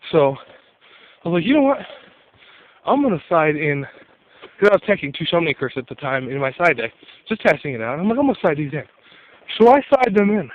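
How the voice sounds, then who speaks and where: A man's voice: a little high, muffled recording. A young man telling a story in a casual, profane rant, exasperated, with laughing asides.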